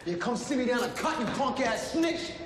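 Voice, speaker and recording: An actor playing a furious young male convict who shouts crude threats. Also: extremely high pitch, sing-song, moderate pace, exaggerated voice. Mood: raging. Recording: echoey hall from far off with noise.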